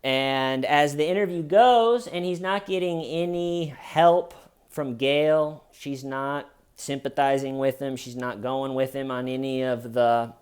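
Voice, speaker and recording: A man's voice: mid-range voice, unhurried, darkish tone, clear, resonant tone. A man hosting a casual commentary show, talking in a sarcastic, mocking way. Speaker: host.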